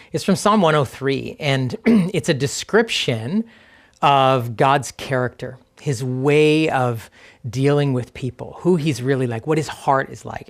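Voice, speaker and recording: A male pastor speaks in a gentle, unhurried way at a mid-range pitch. He guides a quiet reflective meditation and reads scripture slowly, letting pauses sit between the phrases.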